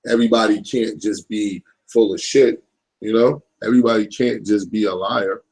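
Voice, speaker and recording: A man's voice: fairly low pitch, steady tone, moderate pace, gravelly, a little mellow, slightly rough, poor audio. A man in his thirties hosting a live stream, rambling in a loose, profane style and often checking in with his listeners. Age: 30s. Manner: rambling, profane, keeps asking "you know what I'm saying". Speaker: livestream host. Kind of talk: casual live-stream monologue.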